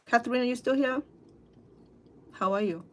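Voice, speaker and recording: A middle-aged woman with a Cambodian accent, chatting casually with livestream viewers over dinner at home, halting, full of fillers and restarts. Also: fairly high pitch, a little mellow. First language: Khmer. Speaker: cooking vlogger and interpreter. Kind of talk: casual livestream chat while eating.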